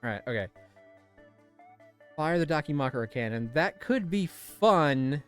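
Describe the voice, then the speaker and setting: A man hosting a gameplay video, chatting casually and reading game text aloud, animated and often laughing. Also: on the high side, a little slow, smooth, soft background music. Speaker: let's play host.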